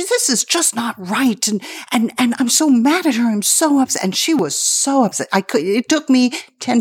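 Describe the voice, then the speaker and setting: A woman co-hosting a casual political talk show who tells personal stories in an animated way, laughing easily. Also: sits low, vocal fry, no room sound, clean studio sound. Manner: animated storytelling, acts out quotes. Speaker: podcast co-host.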